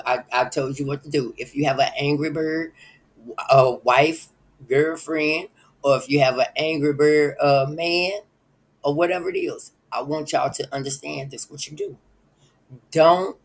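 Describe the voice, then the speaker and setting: Man, live stream host, rambling casual talk, gravelly, husky, fairly high voice. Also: poor audio. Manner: rambling, chuckling, talks straight to viewers.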